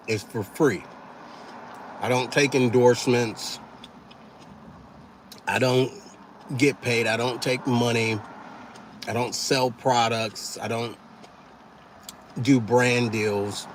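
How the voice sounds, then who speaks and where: A man with a mid-range, fairly bright voice hosts a casual livestream, with a little hiss or hum in the background. He's easygoing, chatting while he eats and thanking viewers one by one by name.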